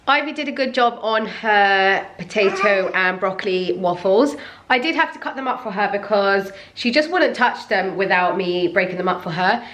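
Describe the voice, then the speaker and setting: A woman's voice: mid-range voice, a bit bright. A young woman chatting casually to camera as a mum vlogger at home. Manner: chatty, sing-song baby talk with her toddler. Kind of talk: casual vlog chat.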